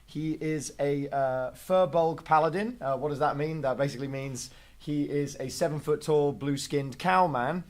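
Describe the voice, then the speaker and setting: Amused male player, slightly high voice. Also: moderate pace, hardly any pauses. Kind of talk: casual chat introducing his character.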